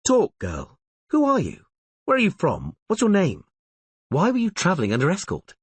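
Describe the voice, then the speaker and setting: A man's voice: sits high, wildly swooping pitch, normal speed, husky, no room sound, voice pushed up, exaggerated voice. A man voicing a blunt male gang leader who fires off curt questions.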